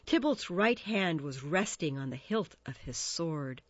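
A woman reads a children's story aloud, slow and measured with a lively, rising and falling voice. Her pitch sits a little low. The sound is dry and slightly dull. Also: dry recording. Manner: expressive, measured. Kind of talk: storybook narration.

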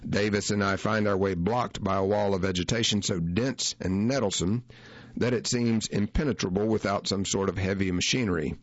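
A man reading a first-person feature story aloud in a measured, unhurried way. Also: on the low side, steady tone, no room sound, highs cut off. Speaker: narrator.

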